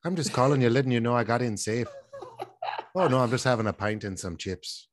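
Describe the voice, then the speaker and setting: A man's voice: medium pitch, a little fast, dry recording, clean studio sound, lightly acted. A man voicing a brash Irish man with an Irish accent who is calling his wife from a payphone and reassuring her in a jokey, sing-song way.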